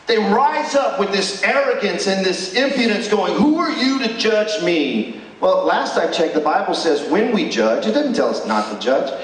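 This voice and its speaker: A man's voice: high-pitched, very animated, normal speed, hardly any pauses. Man preaching in an echoey chapel. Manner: emphatic preaching with rhetorical questions. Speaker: chapel speaker. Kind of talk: sermon. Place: school chapel. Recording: echoey hall, distant mic.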